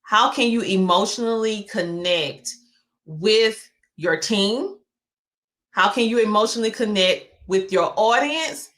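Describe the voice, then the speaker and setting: A woman with a Southern US accent hosting an interview, talking in an excitable, animated way with lots of laughter. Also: medium pitch, unhurried. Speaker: podcast host. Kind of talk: casual interview chat.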